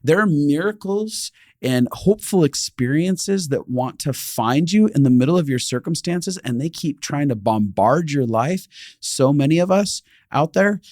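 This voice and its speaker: A man in a casual spiritual podcast conversation, telling stories in an animated way and acting out the quotes. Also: on the high side, measured pace, no echo, studio quality. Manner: animated storytelling, acts out quotes. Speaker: podcast speaker.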